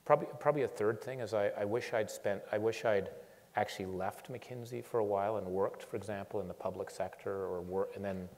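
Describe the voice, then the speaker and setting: A guest speaker tells his story in a fairly low voice, animated and fairly quick, often stopping, restarting, and repeating words. The audio carries the long echo of a lecture hall.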